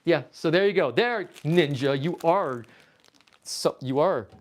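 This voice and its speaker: On a casual livestream, a man from Canada packs away his collection of toys, reading out viewer messages and rambling in a playful, easily excited way. His voice is on the high side and a little slow.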